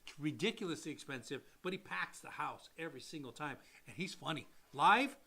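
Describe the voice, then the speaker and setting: A man co-hosting a casual podcast, with a high, bright and sharp voice. He talks with real animation, jumping into quoted voices and laughing often. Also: lively intonation, fairly quick, creaky, husky. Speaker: podcast co-host. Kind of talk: casual chat.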